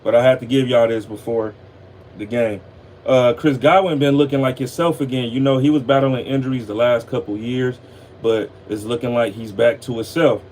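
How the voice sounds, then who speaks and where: Casual football talk host, male, relaxed and weary, plain mid-pitched voice, faint hum behind. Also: moderate pace. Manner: laid-back, tired, loose and profane. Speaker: sports podcast host.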